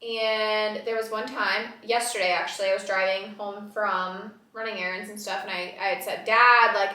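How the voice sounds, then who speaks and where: Bright, loud woman in a roomy echo. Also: mid-range voice, normal speed, distant mic. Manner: loud, animated, laughs often. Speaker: podcast host. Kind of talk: casual podcast chat.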